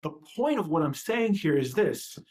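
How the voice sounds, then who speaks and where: A woman's voice: low-pitched, big pitch swings, moderate pace, darkish tone. A woman ranting during a livestream: heated and profane, firing off repeated rhetorical questions. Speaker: livestream host. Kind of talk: impassioned livestream rant.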